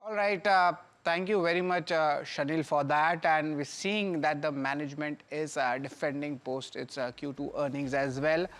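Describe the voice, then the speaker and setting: Male business TV host, slightly high voice, halting and wordy when he questions a guest. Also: fairly even intonation, a bit bright. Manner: hesitant questioning with many fillers. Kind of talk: interview questions.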